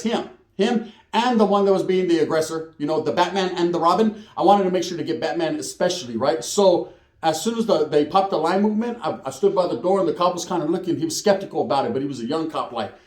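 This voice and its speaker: A man's voice: a little high, quick pace, a little mellow, echoey room. A man telling a prison story in casual slangy street talk with Spanish words, acting out the other people's lines.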